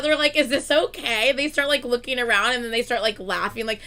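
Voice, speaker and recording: A woman's voice: a little high, fairly quick, hardly any pauses, bright, forceful tone. A woman reacting on a live stream in casual chat, gushing and giggly, swearing freely.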